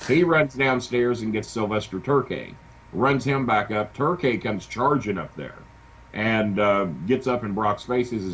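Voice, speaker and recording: A middle-aged man, a wrestling manager telling an animated story in a casual interview. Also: fairly low pitch, a little slow. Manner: animated anecdote-telling with acted quotes. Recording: dull lo-fi sound with faint hiss.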